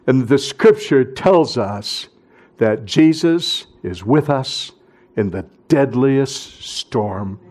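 A male pastor preaching a sermon, swinging from loud emphatic bursts down to hushed, near-whispered phrases. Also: mid-range voice, expressive, slow.

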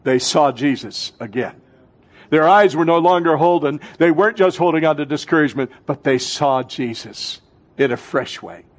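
A man preaching a fervent sermon as pastor, swinging between loud, urgent lines and hushed ones. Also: fairly high pitch, normal speed.

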